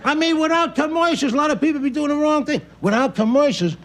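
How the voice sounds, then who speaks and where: A middle-aged actor playing a loud, blustering, opinionated working-class husband in a sitcom. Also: male voice, very high-pitched, fast. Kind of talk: sitcom acting. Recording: noisy old TV sitcom audio.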